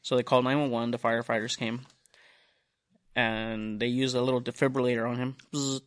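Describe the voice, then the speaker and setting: A young man tells a long story on a casual podcast. He swears freely, drifts off on side tracks, and acts out each person's lines in quotes. His voice sits at an average pitch for a man. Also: flat delivery, a little fast, fairly bright tone. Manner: rambling, profane, retells dialogue in quotes. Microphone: studio mic.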